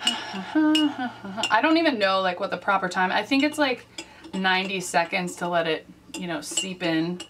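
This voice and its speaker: Woman vlogger with wry deadpan asides. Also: medium pitch, measured pace, distant mic, noisy background. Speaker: vlog host. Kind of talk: casual comedic vlog.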